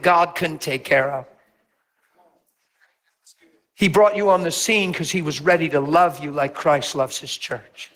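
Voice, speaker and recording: A man preaching as a pastor, telling stories with lively acted-out voices and sudden drops to a near whisper. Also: a little slow, pauses often. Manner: animated storytelling, acts out voices with big pitch jumps. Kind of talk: sermon.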